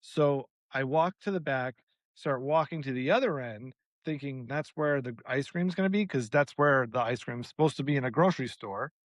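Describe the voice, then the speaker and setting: A man co-hosting a podcast, telling a long story in a casual, animated way, acting out the people in it and swearing freely. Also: medium pitch, normal speed, no echo. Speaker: podcast co-host.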